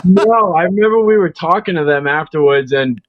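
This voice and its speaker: A man's voice: fairly high pitch, animated, no echo, narrow, tinny audio. A man from Rhode Island, a guest guitarist, chatting casually on a podcast with easy-going, amused replies. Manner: laid-back, amused, drawn-out replies.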